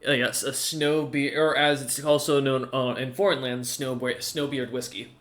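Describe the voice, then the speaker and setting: A man narrates as game master of a tabletop game, stumbling often and restarting his sentences. He speaks at a middling pitch, in loose, improvised narration. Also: steady tone, normal speed, a bit bright, a little hiss or hum. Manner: hesitant, full of fillers and restarts.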